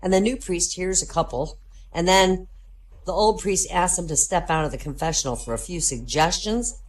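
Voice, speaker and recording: Woman telling jokes in a low voice. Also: moderate pace. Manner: steady storyteller building to punchlines. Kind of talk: joke telling in a voice-chat comedy show.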